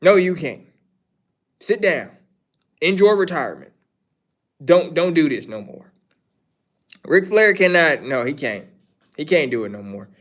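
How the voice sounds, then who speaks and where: A man talks casually on a livestream, his voice sitting a little higher than most men's. He rambles, repeats his points, and gives blunt opinions while answering questions from chat. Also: sing-song, moderate pace, pauses often, fairly bright tone. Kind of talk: casual wrestling commentary.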